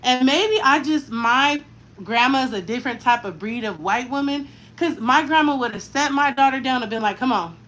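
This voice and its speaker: The recording is poor, but it catches a woman in her thirties with a high-sitting, fairly bright voice at a normal speed. She's a mother doing her daughter's hair and chatting casually, talkative, blunt and slangy.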